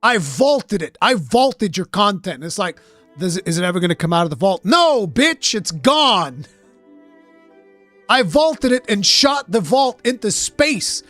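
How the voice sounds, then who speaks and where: A man voicing a smug, sneering male game studio boss who taunts in a crude, loud way. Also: high-pitched, big pitch swings, unhurried, faint music behind, voice pushed up, full character voice. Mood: taunting.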